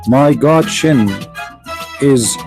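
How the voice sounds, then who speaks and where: A man's voice: medium pitch, drawn-out words, vocal fry, over music. A man voicing a boastful male deity figure who shows off his shin in a mocking, sing-song way and chants nonsense words.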